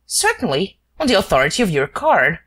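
A woman's voice: medium pitch, very animated, brisk, a bit bright. A woman voicing a polite male hotel clerk who sounds puzzled.

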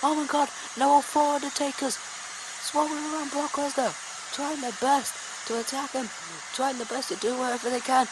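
A woman giving excitable play-by-play wrestling commentary, bursting into exclamations. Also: sits high, moderate pace, noisy background. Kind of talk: play-by-play wrestling commentary over a video game.

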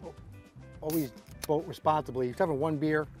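A middle-aged man with a New York accent, chatting and joking while cooking outdoors on a boat, talking fast and mumbling his words together. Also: a little high, steady tone, soft background music. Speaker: co-host of a fishing channel. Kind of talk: casual chat while cooking.

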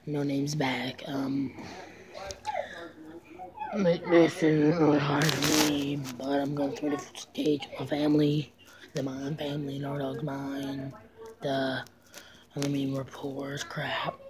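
A woman voicing a glum, lower-voiced girl who mumbles and hesitates. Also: flat delivery, slow, rough recording. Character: glum low-voiced girl called No Name. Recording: crowd noise behind.

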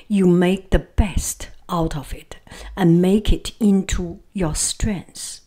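Slow-speaking Chinese-accented woman. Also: medium pitch, a little mellow. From China. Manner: repeats words, halting phrasing with fillers. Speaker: vlogger. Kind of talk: casual reflective monologue.

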